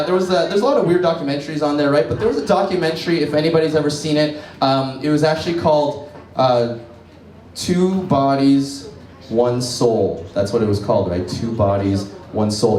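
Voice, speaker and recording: A man performing a stand-up comedy set in a cafe bar, telling stories in a quick, rambling way with lots of "right?" and "you know". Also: a little high, a little mellow. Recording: echoey bar room, camera from far off.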